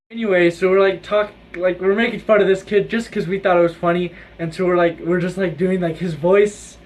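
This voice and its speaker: A teenage boy vlogs to camera about his school day, rambling, saying "like" a lot and laughing through his stories. His high-sitting voice moves at a moderate pace with hardly any pauses. He's indoors under his own video light, and there's a little hiss or hum.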